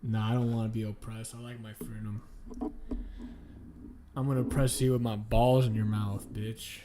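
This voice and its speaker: A man's voice: lowish voice, little pitch movement, moderate pace, a crowd in the background. A man streaming and chatting casually, crude and joking, laughing often as he rambles.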